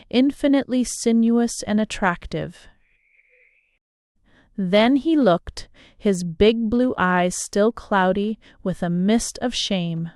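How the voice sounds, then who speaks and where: A woman narrating a novel as an audiobook, in measured, unhurried storytelling. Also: medium pitch, darkish tone, clean tone, dry recording, studio quality.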